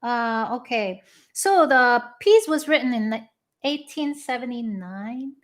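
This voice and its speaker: A woman violinist speaking casually from her living room between pieces of a live-stream concert, unhurried and full of ums and uhs. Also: fairly high pitch, expressive.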